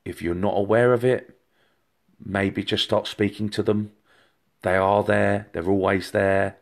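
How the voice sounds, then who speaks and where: A man's voice: fairly low pitch, steady tone, measured pace. A man giving a rambling live-streamed psychic reading, talking straight to viewers with many fillers and restarts. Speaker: psychic medium.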